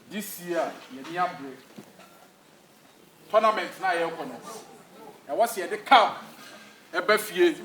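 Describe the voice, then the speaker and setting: A somewhat bright, high male voice belongs to a man with a Ghanaian accent who plays a pushy football coach in a comedic skit, giving orders in a mix of English and Twi. The audio is distant and reverberant with light background noise.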